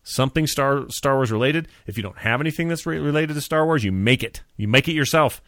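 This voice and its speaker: A man hosting a casual chat show, joking and rambling in an animated way. His voice sits at an ordinary middle pitch and sounds dry and close, with no room around it. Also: brisk, dry recording. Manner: animated, jokey, rambling with restarts. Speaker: podcast host.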